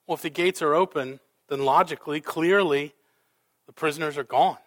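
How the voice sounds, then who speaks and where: A male pastor preaching a sermon, dramatic, with rhetorical questions and swings between loud and soft. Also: a little high, normal speed.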